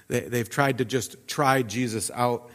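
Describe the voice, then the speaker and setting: A man preaching a sermon in a relaxed, conversational way, with restarts and explanatory asides. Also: medium pitch, unhurried, long reverb tail. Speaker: pastor. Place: church sanctuary.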